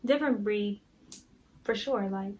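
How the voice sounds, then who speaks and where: A woman's voice: mid-range voice, measured pace, slight background noise, low-quality recording. A teenage girl talking casually to her viewers in a chatty, self-assured way. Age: teens. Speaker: vlogger. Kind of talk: casual vlog talk to camera.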